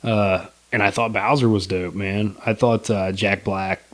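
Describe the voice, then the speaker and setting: Young man, low voice, relaxed rambling review chat, podcast co-host. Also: measured pace. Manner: laid-back, rambling, lots of fillers and swearing. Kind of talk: casual movie review chat.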